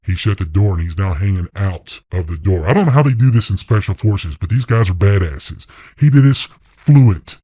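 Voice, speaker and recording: A middle-aged man, an interview guest, telling his hunting story in a blunt, excited way and swearing freely. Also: deep voice, normal speed, hardly any pauses, breathy edge, no echo. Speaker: interview guest, deer hunter. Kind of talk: casual storytelling.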